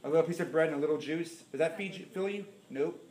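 A middle-aged man preaching a sermon as pastor, telling stories with big swings between loud and hushed. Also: on the high side, fast, slight background noise. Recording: echoey room.

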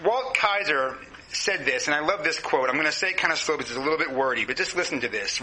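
High-voiced, intense preaching man. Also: animated, quick pace, sharp tone, slight background noise. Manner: impassioned preaching, addresses the congregation directly. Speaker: pastor. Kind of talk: sermon. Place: church hall with a congregation. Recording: roomy echoing hall.

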